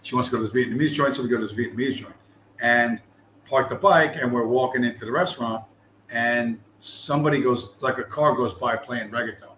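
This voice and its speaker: A man's voice: mid-range voice, a little fast, fairly bright tone, slight background noise. A man from the US East Coast hosting a casual livestream, telling stories in a rambling, profane way and often losing his train of thought. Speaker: livestream host. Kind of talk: casual storytelling chat. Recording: roomy with faint ambience.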